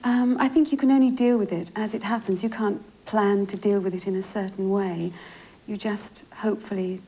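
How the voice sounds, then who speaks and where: A woman's voice: medium pitch, steady tone, moderate pace, dark tone. A chatty woman with a London East End accent, a guest on a television chat show. She laughs easily as she answers. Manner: chatty, laughs often, switches between accents.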